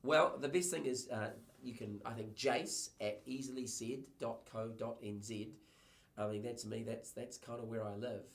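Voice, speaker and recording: A man in his fifties with a New Zealand accent, a guest on a podcast, telling lively stories and acting out the voices of people he quotes. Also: mid-range voice, moderate pace, echoey room. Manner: lively storyteller who acts out quotes in voices. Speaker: guest, TV presenter and communication coach. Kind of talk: casual podcast conversation.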